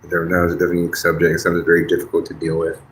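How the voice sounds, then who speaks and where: Guy streaming live, chill but blunt and swears a lot, kinda low voice, echoey room. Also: completely flat delivery, racing. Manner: blunt and profane, laid-back. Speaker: livestream host. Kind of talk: casual livestream chat answering viewers. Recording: roomy echo.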